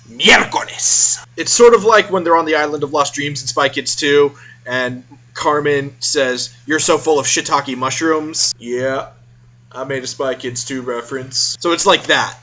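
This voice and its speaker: A man's voice: a little high, moderate pace, fairly bright tone, highs cut off. A man casually telling a comic story to camera in a home video, chatty, with self-aware asides. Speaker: vlogger.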